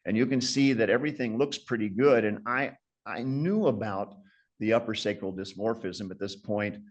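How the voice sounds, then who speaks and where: Surgeon guy in his 60s lecturing, kinda low voice, chatty self-deprecating stories. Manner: anecdotal, self-deprecating, reflective. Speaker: guest lecturer, orthopaedic surgeon. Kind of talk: conversational lecture.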